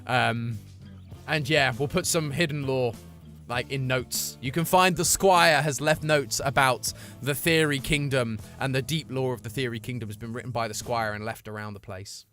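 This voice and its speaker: A man chatting casually with his live-stream chat, playful and full of quick asides. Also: medium pitch, a bit bright, soft background music.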